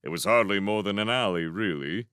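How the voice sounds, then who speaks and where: A man narrating a fan audiobook reading with expressive storytelling. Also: fairly low pitch, fairly quick, smooth, dry recording, clean studio sound. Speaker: narrator, book reader.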